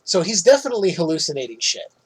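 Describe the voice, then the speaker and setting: Guy on a podcast retelling a movie, kinda high husky voice, swears n laughs a lot. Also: big pitch swings, rapid-fire, rough recording. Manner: loose, swearing, laughs often. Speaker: podcast co-host. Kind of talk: casual movie recap.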